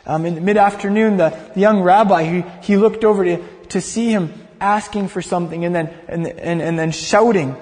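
A man's voice: sits high, moderate pace, few pauses, darkish tone. A male preacher telling a story vividly in a sermon, often repeating words as he goes. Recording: long hall reverb.

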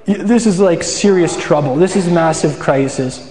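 Chatty pastor in an echoey hall. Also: male voice, fairly high pitch, normal speed. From Saskatchewan, Canada. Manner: conversational, asks questions and answers them, frequent restarts. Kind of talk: sermon.

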